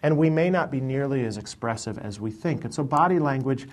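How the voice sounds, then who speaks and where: A man's voice: mid-range voice, animated, brisk. Thoughtful male professor on radio. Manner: thoughtful, explains with examples, some restarts. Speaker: professor and author, radio guest. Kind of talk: explanatory interview talk. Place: in Chicago.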